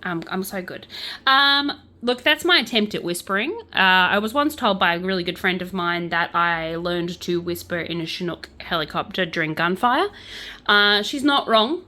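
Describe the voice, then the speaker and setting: A woman with an Australian accent chatting to camera as a crochet and true crime vlogger, loud, bubbly and self-mocking. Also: lowish voice, moderate pace. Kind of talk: casual chat to camera.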